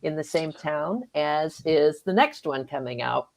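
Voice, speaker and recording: A woman author talking easily on a radio interview, her voice sitting a little low. She's chatty, laughs a lot, and slips into quick little voices when she retells what she once said or thought. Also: expressive, gravelly. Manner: chatty, laughs often, acts out her own past remarks. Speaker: author guest. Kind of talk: casual interview chat.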